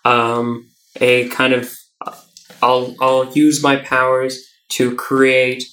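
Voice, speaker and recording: A man's voice: mid-range voice, monotone, extremely slow, a bit bright. A man playing in a tabletop game, reasoning things through hesitantly with fillers. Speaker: player. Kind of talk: casual tabletop game chat. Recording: roomy, from a distant mic.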